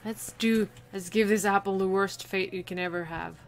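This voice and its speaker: At a moderate pace, a woman offers cheerful, chatty remarks about the video game she's playing, occasionally erupting into sudden, high squeals of excitement.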